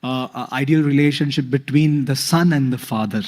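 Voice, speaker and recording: A man giving a scripture talk, pausing often with fillers. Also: mid-range voice, a little mellow. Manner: hesitant, many fillers. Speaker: spiritual speaker.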